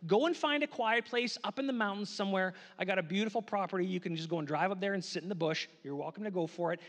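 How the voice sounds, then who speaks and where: A male pastor preaching a sermon, earnest and slow on his key lines, repeating phrases for emphasis. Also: high-pitched, big-room sound. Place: church sanctuary.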